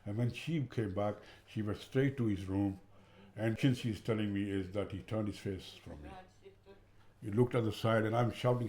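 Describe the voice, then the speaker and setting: A man, a father and carer, speaking in an interview in a halting way and often saying "you know". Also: on the low side, darkish tone.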